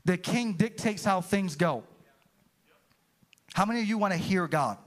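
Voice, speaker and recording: High-voiced preaching man. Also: unhurried. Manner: animated preaching, calls to the congregation. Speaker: pastor. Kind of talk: sermon. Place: church sanctuary.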